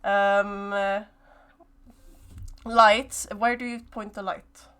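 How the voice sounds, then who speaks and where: A woman narrating a horror tabletop game as game master, slow and hesitant with many fillers. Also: mid-range voice, level tone, fairly bright tone, smooth.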